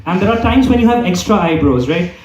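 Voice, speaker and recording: Young man, stand-up comedian, rambling, high voice, echoey hall, distant mic. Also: animated, quick pace, crowd noise. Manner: rambling, repeats "okay?" often. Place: comedy club hall with live audience. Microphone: handheld microphone.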